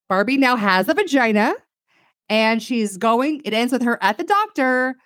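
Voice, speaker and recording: A woman's voice: fairly high pitch, unhurried, no room sound. Sardonic woman, dry close sound. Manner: sardonic, animated storytelling with acted-out quotes; says "like" very often. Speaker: podcast co-host. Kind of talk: casual chat, retelling a film scene by scene.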